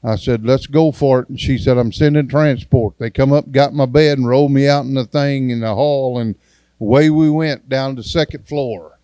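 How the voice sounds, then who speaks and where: A man's voice: medium pitch, normal speed, dark tone, clean tone, no room sound. A man, an evangelist giving a testimony sermon in a church and acting out the dialogue in his story in a folksy way.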